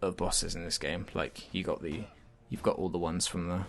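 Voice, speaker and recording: A man's voice: deep voice, flat delivery, moderate pace, vocal fry. A man chatting casually in a game review, hesitant with many fillers and restarts.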